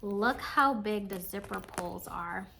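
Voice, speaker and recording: A cross-stitch vlogger shows off her purchases in a casual chat, giggling and saying "like" a lot. Her medium-pitched voice is gravelly, pushed and bright, and she speaks slowly over a faint hiss or hum.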